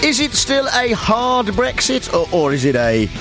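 A man's voice: extremely high pitch, big pitch swings, unhurried, loud music behind the voice. A man hosting a talk radio show, riffing in a dry, wry, rambling way. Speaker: radio host. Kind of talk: comic talk radio monologue.

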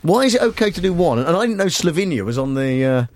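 Lively male radio host. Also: on the high side, quick pace, no echo. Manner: teasing, provocative, rhetorical questions. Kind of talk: talk radio banter.

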